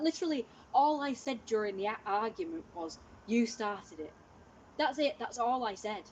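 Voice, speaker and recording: A woman's voice: mid-range voice, darkish tone, slight background noise, poor audio. A woman livestreaming from home, telling a long story in casual, rambling chat full of "like" and restarts.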